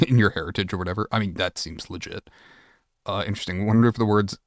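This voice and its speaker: A man's voice: fairly low pitch, smooth, no room sound, studio quality. A man chatting casually on a live stream, reading chat aloud and answering with swearing and laughter.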